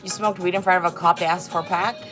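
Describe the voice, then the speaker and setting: Fast and steady in tone, her low-leaning voice carries over music as she runs a casual livestream. The Korean host reads viewers' chat aloud, mocking it with sass and a steady stream of profanity.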